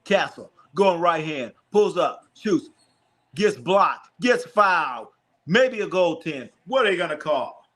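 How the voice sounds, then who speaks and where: Slow-paced and lively in intonation, this watch-party streamer's slightly high, somewhat bright voice calls basketball plays casually. He answers chat questions, jokes with viewers, and repeats himself often.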